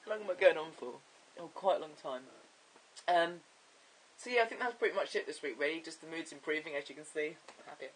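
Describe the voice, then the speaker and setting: A man chatting in a casual video diary, his voice deepening and cracking, rambling and giggling as he talks. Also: fast, a bit bright, distant mic, a little hiss or hum, rough recording. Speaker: vlogger.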